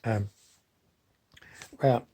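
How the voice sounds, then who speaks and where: Speaking very slowly in a dark-toned voice with no room sound, a man rambles casually. His monologue drifts from point to point, loose and unpolished, packed with fillers and restarts.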